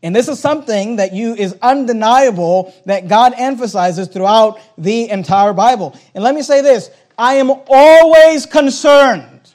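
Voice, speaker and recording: Male pastor, high pitched, emphatic repetitive sermon delivery. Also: normal speed, few pauses, a little mellow. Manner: emphatic, repetitive preaching with rising intensity.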